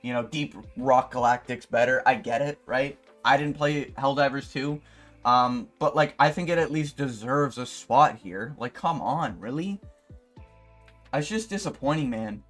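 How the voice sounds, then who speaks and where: A young man YouTuber ranting in a profane, exasperated way, with sudden loud outbursts. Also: medium pitch, a little slow, soft background music. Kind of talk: ranting commentary video.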